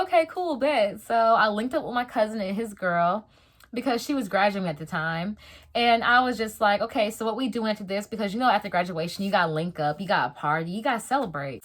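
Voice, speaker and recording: Young woman, casual storytime, slangy, animated, mid-pitched voice. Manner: animated, slangy, dramatic retelling. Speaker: vlogger.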